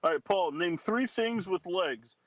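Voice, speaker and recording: A man's voice: high-pitched, animated, unhurried, no echo, lo-fi sound. A man hosting a casual quiz game on a live radio stream, teasing and joking with his co-hosts. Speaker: podcast host running a quiz game.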